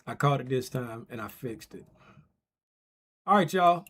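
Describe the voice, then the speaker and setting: A man hosting a casual trading livestream, talking loosely and playfully straight to his chat, getting loud and excited as he calls a giveaway race. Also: mid-range voice, measured pace, breathy edge.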